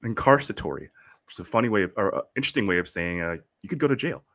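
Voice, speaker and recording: A man co-hosting a podcast, going over headlines in a measured way with frequent ums. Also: fairly low pitch, animated, fairly bright tone, dry recording. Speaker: podcast co-host reading headlines. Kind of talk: casual news chat.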